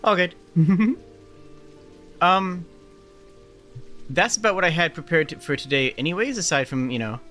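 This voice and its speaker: A man running a tabletop game as game master, narrating in a halting way with many fillers and restarts. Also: on the high side, fairly bright tone, faint music behind.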